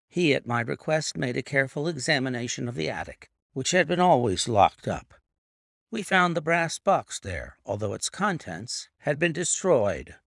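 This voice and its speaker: A man reading a classic detective story aloud in an expressive, theatrical way. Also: on the high side, gravelly, no room sound, clean studio sound. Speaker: audiobook reader.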